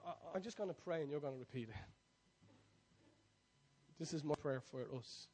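A man pastor preaching a sermon, swinging from soft confiding asides to loud shouted prayer lines for the congregation to repeat. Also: a little high, animated, fairly quick, pauses often. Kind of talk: sermon with call-and-response prayer.

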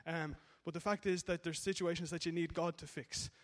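An Irish man preaching with a rapid, high voice, telling stories and teasing the congregation. He keeps asking "okay?" as he goes. His voice rings out with a long echo around a hall. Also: steady tone. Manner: jokey storytelling with frequent "okay?" tags. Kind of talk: sermon. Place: church hall. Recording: echoey hall.

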